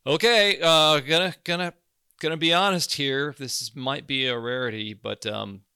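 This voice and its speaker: A man's voice: a little high, normal speed, bright, forceful tone, smooth, dry recording, clean studio sound. A man hosting a podcast in casual, joking chat that rambles with restarts. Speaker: podcast host.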